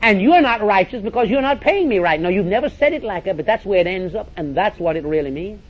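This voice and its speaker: In a dull lo-fi recording from a church or meeting hall with an audience, a preacher with a high, animated voice talks fast. He's emphatic and direct, repeats phrases and calls on his listeners to listen.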